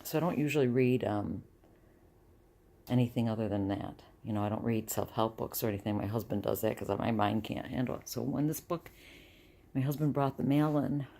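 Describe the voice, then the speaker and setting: Speaking a little fast in a rumbling low, dark-toned voice, a middle-aged woman records a casual home vlog. Dizzy and near tears, she rambles chattily and keeps restarting.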